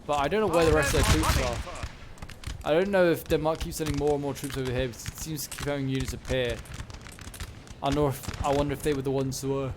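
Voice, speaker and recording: Over loud gunfire from the game, a man with a somewhat high voice talks quickly and in a steady tone as he commentates a battle. He's casual and rambling, leaning on fillers and correcting himself, with game combat sounds keeping things noisy.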